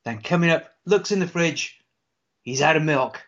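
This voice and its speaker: A man's voice: a little high, lively intonation, moderate pace, a bit bright. Rambling storyteller man, lo-fi audio. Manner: rambling storyteller, swears, laughs often. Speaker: podcast co-host. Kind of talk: casual chat. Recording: dull lo-fi sound.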